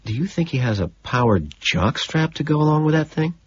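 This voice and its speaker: A man voicing an excitable, gossipy young male banker in an audiobook, eager and leaning in, with a dull, lo-fi sound. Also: on the high side, a little fast, slight background noise, voice pushed up, lightly acted. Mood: excited. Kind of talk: audiobook character voice.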